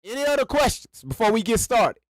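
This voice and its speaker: A man hosting a livestream, ranting to his chat in an animated, repetitive way and talking straight to his viewers, speaking into a microphone. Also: very high-pitched, a little fast, no echo. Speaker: livestream host. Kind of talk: live reaction rant to chat. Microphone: sits behind a microphone.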